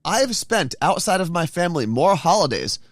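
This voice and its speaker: A man guest in a studio chat, explaining things in a measured way. His voice sits slightly high and sounds dry and close. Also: sing-song, dry recording. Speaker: guest, morning show producer. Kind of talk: casual chat. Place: radio studio.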